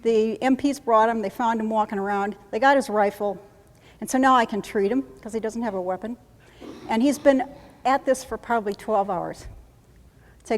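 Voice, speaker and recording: A woman trainer runs a live workshop demonstration, her voice sitting a little high. She coaches briskly and repeats short phrases in a steady rhythm. The sound carries the long reverb of a conference hall. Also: slight background noise. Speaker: trainer teaching combat medics. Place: conference room.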